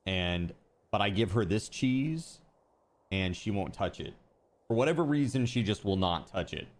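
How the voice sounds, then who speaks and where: A male streamer with a fairly low voice chats easily with his viewers as he plays. His talk is loose and relaxed, full of small asides and frequent laughs. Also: normal speed, slight background noise. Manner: chatty and easygoing, laughs often, talks to chat. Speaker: game streamer. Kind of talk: casual live-stream chat while gaming.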